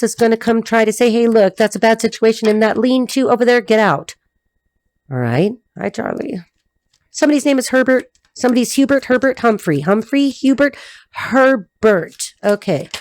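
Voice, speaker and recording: A woman giving a tarot reading, talking in a blunt, rapid, repetitive stream of consciousness. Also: on the high side, darkish tone, no room sound. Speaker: tarot reader.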